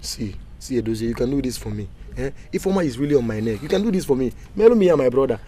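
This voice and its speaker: A man's voice: medium pitch, big pitch swings, racing, dark tone, slight background noise, close to an everyday voice. A man playing a stammering, panicky young man. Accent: Nigerian. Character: nervous young man dodging his pregnant girlfriend. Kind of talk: film drama.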